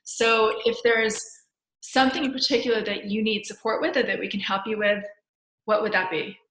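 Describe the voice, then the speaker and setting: A woman interviewer with a bright, sharp tone, recorded in an echoey room. She responds in an affirming, reflective way and asks her questions conversationally. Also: fairly high pitch, fairly even intonation, moderate pace. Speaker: interview host.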